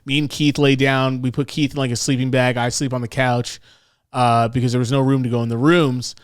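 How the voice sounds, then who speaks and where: A man's voice: medium pitch, fairly quick, clean tone, dry recording, clean studio sound. A young man co-hosting a podcast, telling a story in a loose, profane way and acting out the people he quotes. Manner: animated, profane, acts out quotes. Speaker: podcast co-host. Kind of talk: casual storytelling chat.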